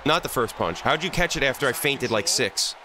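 A man's voice: mid-range voice, expressive, a little fast, a crowd in the background. A man hosting a gaming channel, angrily venting and swearing as he plays through a fighting game. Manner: exasperated, profane venting. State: angry. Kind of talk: let's play commentary.

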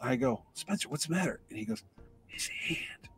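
A man telling a lively anecdote in casual conversation, acting out the voices of the people in his story. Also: a little high, fast talker, gravelly, soft background music. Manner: animated anecdote teller, acts out voices in quotes. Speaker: comic convention organizer.

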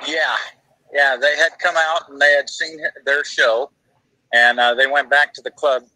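A man, a guest bass player, telling rambling anecdotes in casual chat with many fillers. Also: fairly even intonation, measured pace, pushed and bright, no echo, low-quality recording. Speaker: guest bassist.

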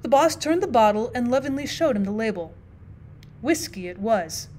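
A woman teacher reading a classic short story aloud as audiobook narration, measured and expressive. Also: a little high, slight background noise.

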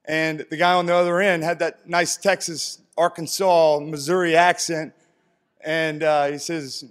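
A man's voice: on the high side, little pitch movement, measured pace, clear, resonant tone. A man in his thirties from East Tennessee giving an earnest, heartfelt acceptance speech on a stage. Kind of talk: speech to an audience. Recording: long hall reverb from PA.

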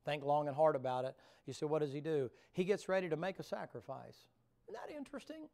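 A man's voice: fairly high pitch, huge pitch swings, fast, gravelly, a little mellow. A man preaching at a revival in a church. He talks in a homespun, joking way, then builds to fervent preaching in front of the congregation. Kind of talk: folksy revival sermon. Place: church sanctuary before a congregation.

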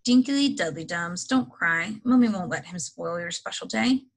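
A woman's voice: lowish voice, normal speed, vocal fry. A woman voicing a snappish, fussy aunt who dotes on her son, in a storybook reading. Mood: fussing. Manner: sharp, snapping.

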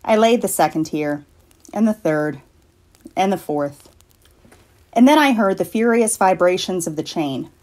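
Low-voiced woman reading a story. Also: animated, a little mellow. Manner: measured, deliberate, slowing for effect. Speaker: library staff reader.

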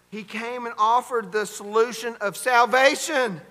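A man's voice: very high-pitched, fairly even intonation, unhurried, hardly any pauses, bright, forceful tone, a faint crowd. A man preaching a fervent sermon, calling out to the congregation for amens in a church sanctuary. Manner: fervent preaching with call-and-response. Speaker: pastor. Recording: long church hall reverb.

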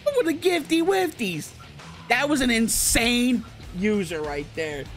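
A young man streaming a video game, reacting live with excited shouts and swearing at each play. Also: very high-pitched, slow, soft background music. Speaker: gaming streamer.

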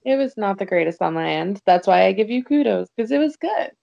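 A woman's voice: mid-range voice, expressive, a little fast, vocal fry, mellow. A woman guest on a podcast, trading blunt, dry comebacks in casual chat. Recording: dull lo-fi sound.

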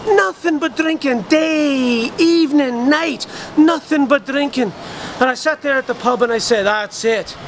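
A man's voice: extremely high pitch, unhurried, slight background noise. A man doing a boozy pub philosopher. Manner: ranting, mock-profound, swearing. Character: boozy rambling middle-aged male pub philosopher. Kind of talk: comic monologue.

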